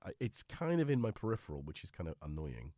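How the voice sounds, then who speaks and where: A man's voice: low-pitched, big pitch swings, quick pace, mellow, no echo, studio quality. A middle-aged man with a cold, hosting a livestream in a rambling, jokey, self-mocking chat. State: congested with a cold. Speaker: livestream host.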